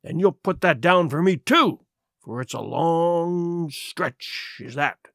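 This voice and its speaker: A man's voice: on the high side, animated, slow pace, fairly bright tone, dry recording, clean studio sound, full character voice. A man doing a wheedling old pirate. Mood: earnest. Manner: rough sailor's dialect speech. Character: wily old male pirate, wheedling and pleading.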